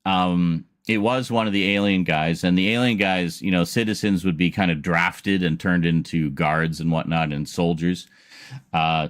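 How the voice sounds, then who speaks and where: A man's voice: low-pitched, fairly bright tone, no room sound, studio quality. A man streaming a casual chat, telling a long story in a rambling way with laughs and restarts.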